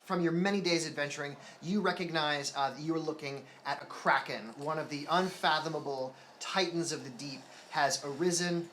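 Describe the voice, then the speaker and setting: A man narrating a tabletop game as game master, steady and descriptive with many fillers. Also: a little high, normal speed, few pauses, a little hiss or hum.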